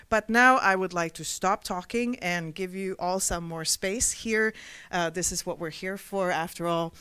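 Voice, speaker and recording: A woman moderating a panel discussion, reading an introduction in a measured way. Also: on the low side, a bit bright, smooth. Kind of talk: scripted introduction, then moderating.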